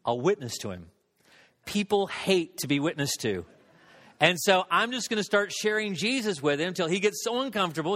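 Man, pastor, high voice, sermon, storytelling, long church reverb. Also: a bit bright. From Southern United States. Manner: storytelling, conversational, self-deprecating.

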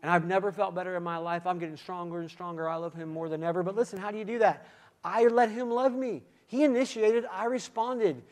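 A man giving a sermon testimony, swinging from quiet, intimate moments to loud, emphatic calls, with repeated "come on" and "listen". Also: sits high, steady tone, brisk. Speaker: guest speaker giving testimony.

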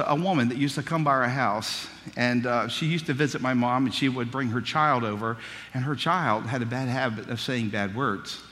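A man's voice: medium pitch, pushed and bright, in a large hall. A man preaching a sermon, telling childhood stories in a folksy, humorous way. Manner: folksy storytelling, humorous asides.

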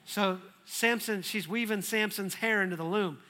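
A man preaching a sermon, telling the story in a lively, humorous way. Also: sits high, moderate pace. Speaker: pastor.

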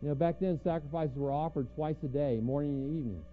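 A man's voice: fairly high pitch, fast talker. A man preaching a conversational sermon, teaching verse by verse and asking rhetorical questions. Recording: tinny phone-like sound with faint music.

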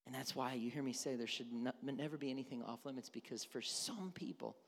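A man's voice: medium pitch, steady tone, brisk. A male pastor preaching a conversational sermon, asking his congregation questions. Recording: reverberant hall.

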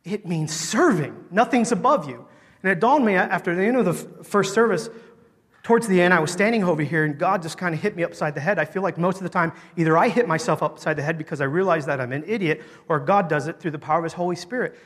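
A man preaching a sermon, telling a story with lively emphasis that swings between loud, emphatic lines and quiet, soft ones. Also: sits high, fast. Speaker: pastor. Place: church sanctuary. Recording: long hall reverb.

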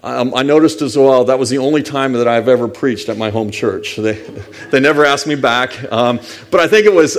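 A man's voice: mid-range voice, normal speed. A middle-aged man preaching a sermon as a pastor, telling stories in a conversational way and reading scripture aloud.

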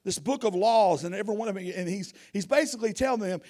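A man preaching an informal sermon as a guest preacher, animated and rambling, often repeating himself. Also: high voice, fast talker.

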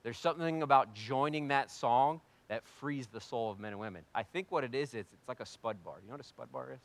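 Male pastor, mid-pitched, animated sermon delivery with loud peaks and quiet asides. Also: a little fast. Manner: animated, swings between loud and hushed; conversational, self-deprecating humor.

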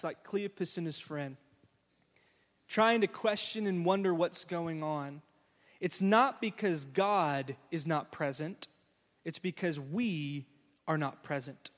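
A man preaching a sermon as pastor, folksy and conversational, acting out quotes in a lively way. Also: a little high. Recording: long hall reverb.

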